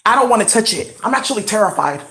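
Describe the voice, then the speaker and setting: A woman's voice: medium pitch, lively intonation, fast, a bit bright, reverberant. A woman talking in a rambling, intense way in a casual home vlog as a spiritual reader. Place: at home indoors.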